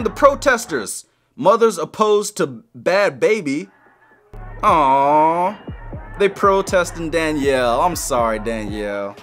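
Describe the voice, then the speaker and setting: A young man doing a playful roast while reacting to a music video, with sudden squeaky high outbursts. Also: lively intonation, slow, a bit bright. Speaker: comedy reaction youtuber. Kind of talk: joking reaction commentary.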